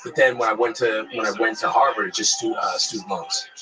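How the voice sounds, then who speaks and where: A man who is a guest actor, talking casually in a quick, rambling way, repeating words and swearing. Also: lowish voice, fairly even intonation, low-quality recording. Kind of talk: casual chat.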